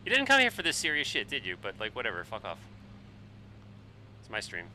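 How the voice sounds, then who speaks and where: A man in his forties, a bit tipsy on wine, rambling and swearing excitably while chatting on a flight sim live stream. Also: lowish voice, brisk, slight background noise, low-quality recording. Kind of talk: casual live-stream chat while flying.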